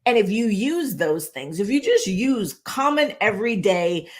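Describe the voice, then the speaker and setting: Brief: woman presentation coach, casual and animated on camera, mid-pitched voice. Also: unhurried. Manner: animated, conversational, tag questions like "right?". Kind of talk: casual video lesson. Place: indoor room, moving between standing and seated. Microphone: on-camera recording.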